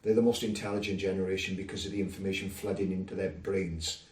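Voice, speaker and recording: A man's voice: low voice, level tone, fast, a little mellow. UK man on a podcast panel, explanatory and thoughtful, roomy distant sound. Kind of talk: casual panel discussion.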